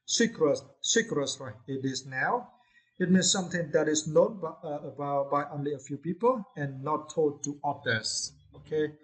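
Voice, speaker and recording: A man's voice: on the high side, fairly bright tone, low-quality recording. Hesitant man teaching English vocabulary. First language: Vietnamese. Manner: hesitant, many "uh"s and "right?" checks. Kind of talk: vocabulary lesson.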